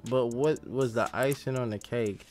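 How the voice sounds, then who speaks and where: A man's voice: mid-range voice, fairly even intonation, moderate pace, a little mellow. A man hosting a gaming channel, telling a rambling, profane story in casual chat while he plays. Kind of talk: casual gameplay commentary and storytelling.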